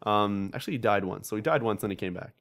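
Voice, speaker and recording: A young man hosting a casual gaming podcast, telling animated stories with lots of swearing and laughter. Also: lowish voice. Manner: fast, animated storytelling with frequent swearing and laughter. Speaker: podcast host.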